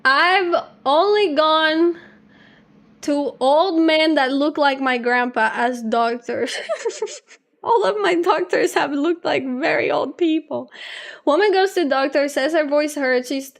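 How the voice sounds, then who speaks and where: A young adult woman streamer chatting casually with her live chat, rambling on at length and laughing often, a little low on energy. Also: slow. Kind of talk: casual livestream chat, reading chat aloud.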